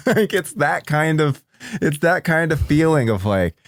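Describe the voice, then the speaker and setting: A man's voice: medium pitch, expressive, normal speed, no room sound, studio quality. A man co-hosting a podcast, joking and laughing often as he talks casually about a movie. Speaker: podcast co-host. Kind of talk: casual movie-discussion chat.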